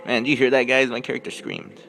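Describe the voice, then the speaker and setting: Gravelly, bright, and forceful, this young man's medium-pitched voice swoops wildly and moves quickly as he plays a horror game. He's jumpy, yelping and screaming at scares and muttering in between, faint music in the background.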